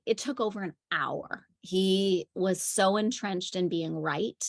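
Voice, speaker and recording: A woman's voice: medium pitch, slow pace, creaky. A woman parenting coach giving a conversational teaching talk, telling stories with frequent fillers. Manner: chatty storytelling with frequent fillers.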